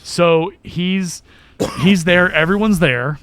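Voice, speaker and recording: A man's voice: sits high, a bit bright, a little hiss or hum. A man co-hosting a podcast, casually recapping a film's scenes and quoting lines in little acted bits. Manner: recaps scenes, acting out lines in quick quotes. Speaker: podcast co-host. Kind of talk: casual movie discussion. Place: podcast studio.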